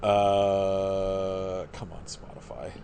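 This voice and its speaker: Very deep, mellow man rambling casually. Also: little pitch movement, extremely slow, creaky, a little hiss or hum. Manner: laid-back, rambling, swears freely. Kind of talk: casual film chat.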